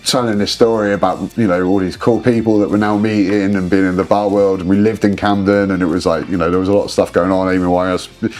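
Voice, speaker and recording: A man in his forties, a guest telling rambling, animated stories and swearing freely in a casual interview. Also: deep voice, fast, hardly any pauses, faint music behind. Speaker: guest, drinks brand ambassador.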